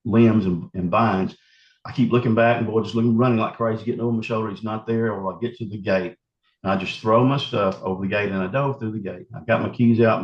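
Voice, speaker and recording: A man telling his story in an interview, vivid and halting with many restarts. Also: on the low side. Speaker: eyewitness recounting an encounter. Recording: roomy, slightly muffled interview audio.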